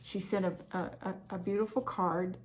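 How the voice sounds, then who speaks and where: A woman's voice: mid-range voice, steady tone, moderate pace, a little hiss or hum. Effusive woman chatting about crafts. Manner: effusive and heartfelt. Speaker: cross-stitch vlogger. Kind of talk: casual chat showing happy mail.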